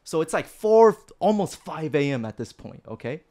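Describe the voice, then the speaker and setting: Young guy on a podcast telling a wild story, kinda high voice, keeps going okay? right?, laughs a lot. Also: moderate pace. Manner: animated, emphatic, keeps checking in with "okay?" and "right?"; laughs often mid-story. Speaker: podcast guest. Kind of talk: casual storytelling.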